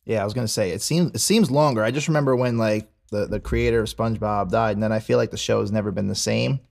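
A man's voice: on the low side, fast talker, gravelly, darkish tone. A man co-hosting a casual podcast, talking in a laid-back, meandering way and swearing freely. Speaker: podcast co-host.

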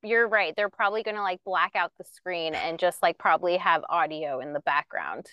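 Chatty young woman with a smooth voice. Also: on the low side, brisk, dry recording, lo-fi sound. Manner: chatty, laughs often, hedges with "alleged". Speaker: podcast co-host. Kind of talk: casual pop-culture gossip chat.

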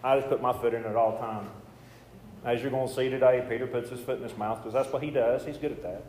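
A man's voice: medium pitch, fairly even intonation, fast, darkish tone. A male pastor preaching a sermon in a conversational way, with joking asides. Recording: echoey hall with faint noise.

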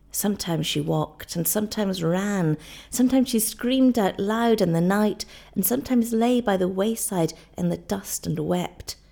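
A woman narrating an audiobook with dramatic, expressive delivery. Her voice is lowish and gravelly, with a dark, mellow warmth.

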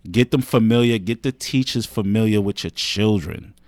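A man's voice: fairly low pitch, normal speed, a little mellow, dry recording, studio quality. A man co-hosting a podcast, giving earnest advice in a casual chat, often repeating himself and saying "man" and "you know what I mean". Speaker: podcast co-host.

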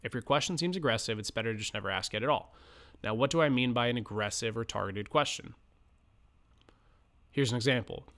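Male podcast host, mid-pitched, loose and chatty delivery with fillers, role-plays quick client scenarios. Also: a bit bright. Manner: conversational, many fillers and restarts, acts out sample client lines. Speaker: podcast host coaching financial advisors. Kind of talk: casual instructional podcast talk.

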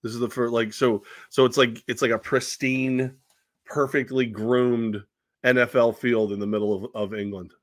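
A man's voice: mid-range voice, flat delivery, moderate pace, dry recording, clean studio sound. A man hosting a casual football podcast, teasing his co-host and rambling with lots of "uh" and "like". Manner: teasing, rambling with many fillers. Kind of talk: casual sports podcast banter.

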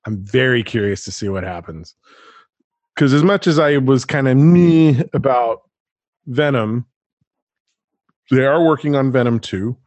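A chatty man hosting a casual podcast chat, animated and quick to laugh. His voice sits at an ordinary middle pitch. The sound is dry and close, with no room around it. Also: no room sound.

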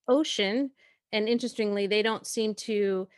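A woman's voice: mid-range voice, moderate pace, no echo, clean studio sound. A woman hosting a podcast, chatting casually and thinking aloud as she talks, often restarting words. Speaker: podcast host. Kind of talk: casual conversational interview.

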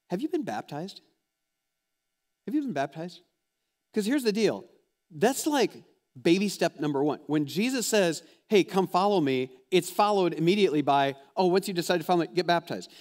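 A man preaching a sermon as a pastor, talking conversationally and putting direct questions to his listeners. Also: a little high. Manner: conversational, animated, asks the audience direct questions.

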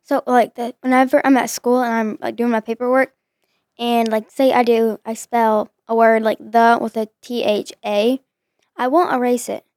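A woman's voice: on the high side, little pitch movement, normal speed, darkish tone, no room sound, clean studio sound. A young woman, a daughter co-hosting a family chat, talking in a teasing, chatty way. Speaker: co-host, daughter.

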